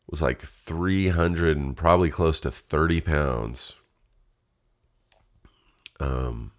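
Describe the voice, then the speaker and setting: Very deep, gravelly, slow-talking man. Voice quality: stuffy, congested. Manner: candid, self-deprecating, swears casually. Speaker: podcast host. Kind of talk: casual solo podcast talk.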